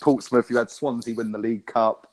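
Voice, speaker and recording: A man's voice: mid-range voice, steady tone, a little fast, a little mellow. A man from England, ranting about football in casual podcast chat. He swears a lot and keeps checking with "right?". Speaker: podcast co-host.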